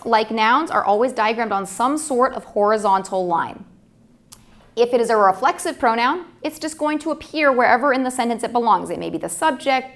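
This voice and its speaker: A woman's voice: fairly high pitch, fairly bright tone. A woman teaching sentence diagramming, explaining each step patiently. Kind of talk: grammar lesson narration.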